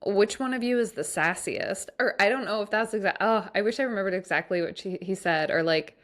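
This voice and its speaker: A woman hosts a solo podcast in a brisk, slightly bright mid-range voice. She's chatty and rambling, leaning heavily on fillers like "like" and "um."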